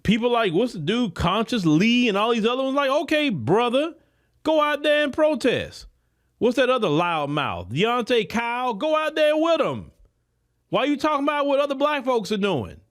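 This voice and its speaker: A male podcast host delivering a commentary monologue in a high, lively voice that swings up and down a lot. He preaches at his listeners in loose, colloquial phrasing and keeps repeating words as he presses his point. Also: normal speed. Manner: preachy, emphatic, addresses listeners directly.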